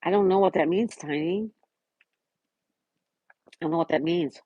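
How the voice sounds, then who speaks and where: A woman hosting a casual live stream, chatting and answering viewers by name, sometimes dropping to a soft whisper. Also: lowish voice, moderate pace, breathy edge, no room sound, lo-fi sound.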